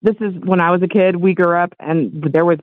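A woman's voice: fairly low pitch, steady tone, fairly quick, dry recording. An older woman from Los Angeles, calling in to a talk show, earnest and emotional as she gushes her thanks. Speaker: caller. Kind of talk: call-in radio chat. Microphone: phone. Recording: tinny phone line, dry.

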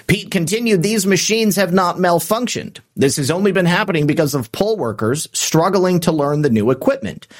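A man's voice: sits high, expressive, normal speed, few pauses. A man hosting a political commentary show, reading out quotes and adding sarcastic remarks with frequent "uh" fillers. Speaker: political commentary podcast host.

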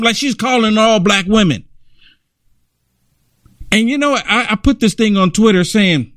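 A man's voice: high voice, a bit bright, dry recording, studio quality. A man giving casual reaction commentary on political clips, ranting and repeating "I mean" as he talks.

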